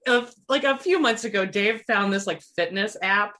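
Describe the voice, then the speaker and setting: A woman in a casual podcast chat, gossipy and quick to laugh. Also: mid-range voice, pushed and bright.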